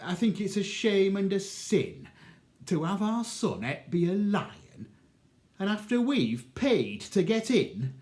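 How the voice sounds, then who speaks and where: A man's voice: sits high, very animated, slow pace, darkish tone, voice pushed up, exaggerated voice. A man voicing a put-upon, thrifty northern father with a northern English accent, grumbling his complaints. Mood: aggrieved. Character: aggrieved, thrifty northern working-class father.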